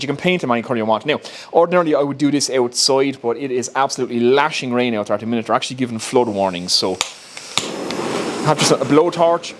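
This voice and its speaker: A man with an Irish accent casually talking through a woodworking build step by step, recorded in his home workshop. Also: mid-range voice. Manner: chatty, explains step by step, laughs at himself. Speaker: woodworking YouTuber.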